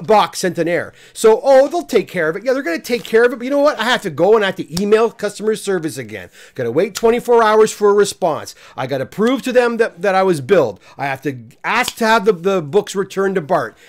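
A man hosting a live comic unboxing stream, venting in an exasperated, repetitive rant and then greeting viewers in the chat. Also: high-pitched. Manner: exasperated, ranting, repeats himself when worked up.

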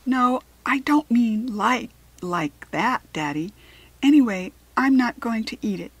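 A woman's voice: a little high, expressive, measured pace, slightly rough, no room sound, pitched above the performer's own voice. A woman voicing an earnest young farm girl who pleads in a raised voice. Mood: pleading.

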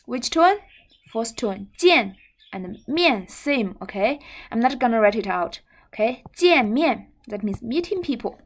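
Brief: young Chinese-accented woman teacher, slightly high voice, slow careful drilling of syllables. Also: lively intonation. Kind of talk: language lesson.

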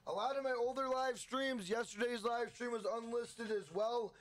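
Male game streamer, high voice, energetic chat shout-outs. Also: normal speed. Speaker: gaming livestream host. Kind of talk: casual livestream chat.

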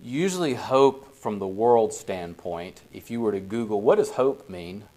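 A man with a lowish voice leads a casual Bible study for a small group. He talks in an easy, conversational way and keeps asking the group whether they follow. His tone stays relaxed and unhurried. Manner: conversational, often checks in with the group.

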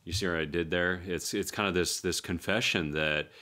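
A man in his forties hosting a faith-based men's talk show, animated and preachy, his voice climbing when he gets fired up. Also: deep voice, normal speed. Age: 40s. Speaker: host.

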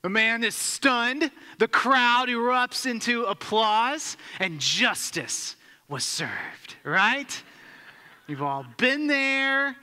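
A man's voice: very high-pitched, animated, drawn-out words, sharp tone, clear, resonant tone. A man giving a sermon as a pastor, telling a story conversationally and asking the congregation questions. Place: church sanctuary. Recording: long hall reverb.

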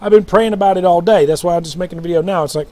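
Man, high voice, rambling fervent preacher, repetitive, dream testimony. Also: very fast, dark tone. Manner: rambling, repetitive, fervent, often says "brothers and sisters". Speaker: self-styled prophet and preacher. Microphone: recorded alone at night.

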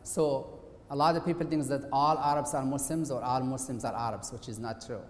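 A man's voice: medium pitch, fairly even intonation, fairly quick. A middle-aged man gives a presentation lecture, speaking in a conversational, hesitant way. His voice sits in a medium range. The sound carries a long, roomy auditorium reverb. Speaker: guest lecturer, occupational therapist. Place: university auditorium. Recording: echoey hall with faint hiss.

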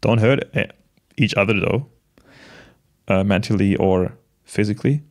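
A man in his late twenties talking to the camera in a casual, reflective monologue, gentle and halting, with many restarts and soft laughs. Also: on the low side. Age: late 20s. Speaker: vlogger.

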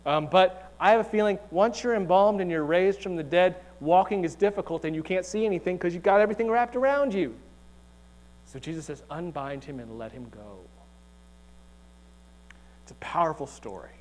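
Chatty joking male pastor, higher voice. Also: expressive, brisk, a little mellow. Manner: chatty, joking, asks rhetorical questions. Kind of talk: conversational sermon. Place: church sanctuary.

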